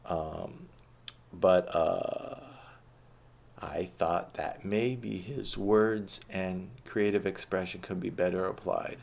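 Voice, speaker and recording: A man with a deep voice full of creaky fry talks in a loose, reflective way. He reads his own profane spoken-word poetry with the same unhurried, blunt delivery. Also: steady tone, a little mellow. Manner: low-key and reflective, swearing freely. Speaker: poet reading his own work. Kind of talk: casual talk and spoken-word poetry reading.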